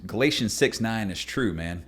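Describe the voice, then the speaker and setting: A man's voice: expressive, moderate pace, fairly bright tone, slightly rough. A man, a pastor and podcast guest, telling a personal story in an earnest, emphatic way. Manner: acts out other people with jumps to high squeaky voices.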